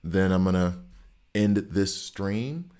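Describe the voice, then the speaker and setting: A man's voice: low voice, slow, a little mellow. A man casually chatting with his viewers as he plays a game on stream, thinking aloud about stats and choices. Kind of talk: casual live-stream commentary while playing.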